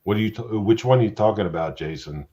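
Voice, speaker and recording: Very deep-voiced, foul-mouthed man host. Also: fast, mellow. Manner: profane, blunt, joking. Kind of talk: casual live-stream chat.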